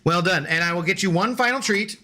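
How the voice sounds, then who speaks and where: A man's voice: high-pitched, brisk, background noise. A man streaming video games, chatting playfully with his dog and his viewers. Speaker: game streamer. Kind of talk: casual live-stream chat.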